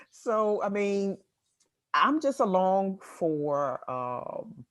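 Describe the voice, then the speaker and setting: Slow-talking woman guest, laughs a lot. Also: mid-range voice, very animated, no echo, studio quality. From Washington, D.C. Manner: laughs often, halting with fillers. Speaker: guest writer and real estate agent. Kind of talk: casual interview conversation.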